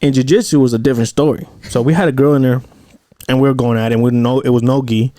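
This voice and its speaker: A man talks in a relaxed, rambling way, swearing freely and acting out what others said. His voice sits at a middle pitch. The sound is dry and close, with no room echo. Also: quick pace. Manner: rambling, profane, acts out quotes. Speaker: podcast host. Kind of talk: casual storytelling chat.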